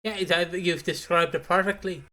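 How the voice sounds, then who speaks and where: Bright-voiced man chatting. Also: sits high, a little fast. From Britain. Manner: rambling, restarts, laughs at his own retellings. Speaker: podcast co-host. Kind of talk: casual chat.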